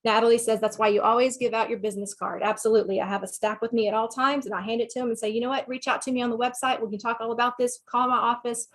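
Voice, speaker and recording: A woman's voice: on the high side, steady tone, rapid-fire, hardly any pauses. A woman with a Southern US accent, a sex therapist giving a talk and answering questions in a frank, conversational way.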